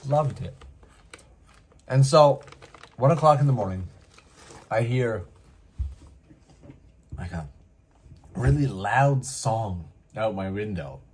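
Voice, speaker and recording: Host from Canada, male, husky and lively, casual anecdote delivery. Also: lowish voice, slow pace, pauses often. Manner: animated, acts out voices, many asides. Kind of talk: casual storytelling.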